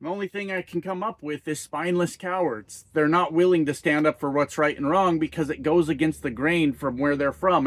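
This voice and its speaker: A man's voice: fairly high pitch, fairly bright tone, no echo. A man who works as a trucker, ranting angrily to camera about politics, heated and profane, firing off rhetorical questions. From United States. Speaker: trucker vlogger. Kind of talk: angry political rant to camera.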